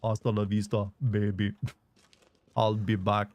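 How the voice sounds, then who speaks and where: A man putting on the voice of a musclebound action-movie hero, shouting drawn-out catchphrases. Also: fairly low pitch, completely flat delivery, no echo, pitched below the performer's own voice, natural voice. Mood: bellowing.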